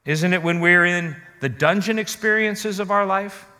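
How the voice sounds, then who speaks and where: Man, pastor preaching a sermon, earnest, emphatic, bright tense tone, long reverberant hall. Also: high voice. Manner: earnest, direct questions to listeners, slow emphatic stresses.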